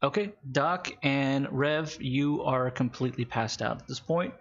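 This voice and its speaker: A man running a tabletop game as game master, narrating with wry, halting asides. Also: medium pitch, a bit bright, highs cut off.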